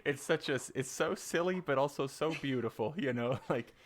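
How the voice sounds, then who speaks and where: A man's voice: medium pitch, normal speed. A man hosting a podcast in casual conversation, sympathetic and asking follow-up questions. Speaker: podcast host. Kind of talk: casual interview chat.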